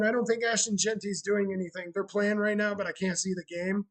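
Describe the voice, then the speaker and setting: A man's voice: high-pitched, fairly even intonation, fairly quick, poor audio. A man chatting casually on a live stream, sarcastic and talkative, greeting viewers as he goes. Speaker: streamer running a bar roleplay channel.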